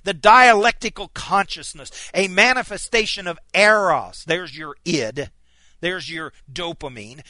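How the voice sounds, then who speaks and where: A man preaching a sermon, impassioned, swinging from near shouts down to low, quiet asides. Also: no room sound.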